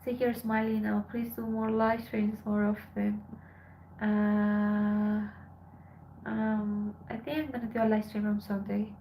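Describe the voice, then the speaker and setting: A tired woman from Colombia, a Spanish speaker, chatting softly with her live-stream viewers as she reads their messages aloud. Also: medium pitch, level tone, slow, a little hiss or hum, rough recording. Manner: soft, subdued, switching between English and Spanish. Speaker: live streamer reading chat. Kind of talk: casual live-stream chat.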